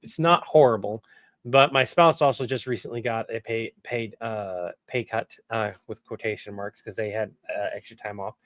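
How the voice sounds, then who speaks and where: A man's voice: lowish voice, steady tone, moderate pace, fairly bright tone, dry recording. A man chatting casually on a livestream from his home setup, rambling candidly and swearing now and then. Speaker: streamer and voice actor.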